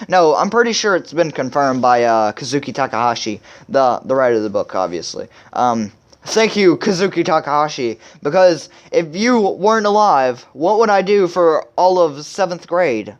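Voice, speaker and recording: A man's voice: a little high, lively intonation, moderate pace, dull audio. A young man hosting a video and recapping a comic chapter in a rambling, filler-heavy casual way. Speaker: video host.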